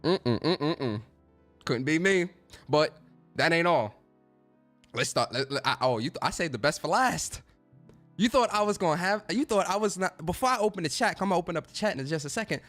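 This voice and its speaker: Male streamer, casual profane rant, repetitive emphasis, animated pitch, slightly high voice. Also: a little fast, faint music behind. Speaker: gaming streamer host.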